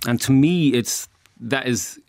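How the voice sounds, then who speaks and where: A man, an actor, explaining the story in a relaxed radio interview. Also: medium pitch, takes it slowly, gravelly, dry recording.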